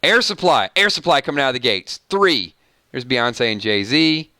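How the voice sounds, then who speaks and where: A man runs a relaxed live stream, chatting with viewers and breaking into bits of songs in a playful, animated way. His voice is mid-range at a moderate pace, recorded dry with studio quality.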